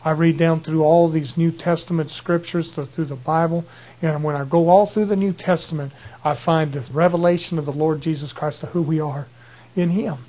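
A man's voice: fairly high pitch, fairly even intonation, moderate pace, mellow. A man preaching a conversational sermon, earnest and folksy, often repeating himself and restarting phrases.

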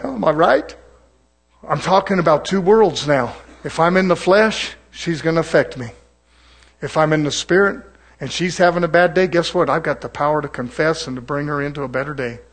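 A middle-aged man preaches with a fiery, mocking delivery. He calls out to his congregation, and his voice sits high for a man. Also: expressive, normal speed, long pauses. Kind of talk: sermon.

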